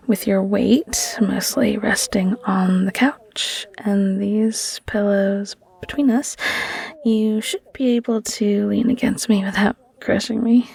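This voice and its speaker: Whispering woman in gentle role-play. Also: medium pitch, fairly even intonation, slow pace, creaky, slightly rough. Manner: tender, teasing, giggly girlfriend talk. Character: caring girlfriend comforting a sick partner. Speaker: audio role-play performer.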